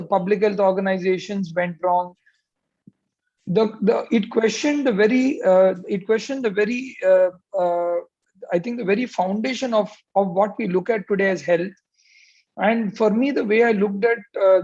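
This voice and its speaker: Husky man on a lo-fi call. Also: high voice, darkish tone. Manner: reflective, hesitant with many fillers. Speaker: panelist, surgeon. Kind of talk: panel opening remarks. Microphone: video call. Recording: dull lo-fi call audio.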